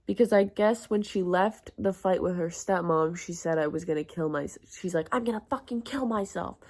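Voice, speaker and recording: Crude chatty young woman with vocal fry. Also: fairly low pitch, normal speed, a little mellow. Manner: chatty, crude and self-mocking, heavy use of "like". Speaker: vlogger. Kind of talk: casual storytime.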